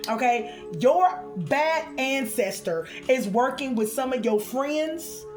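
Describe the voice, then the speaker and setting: A woman doing a spiritual card reading for her viewers, expressive and chatty, calling them honey and y'all. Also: sits high, slow, soft background music.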